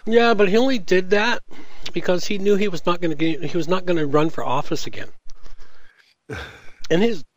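A man's voice: high-pitched, moderate pace, pauses often, no room sound, low-quality recording. A man co-hosting a podcast, rambling sarcastically about politicians with many fillers and some swearing. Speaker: podcast co-host. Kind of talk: profane casual chat.

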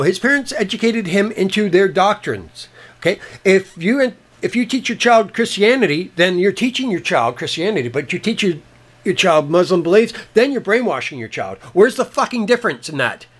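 A man's voice: sits high, animated, moderate pace. A Canadian man co-hosting a podcast, delivering blunt, profane political commentary in a combative tone. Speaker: podcast co-host.

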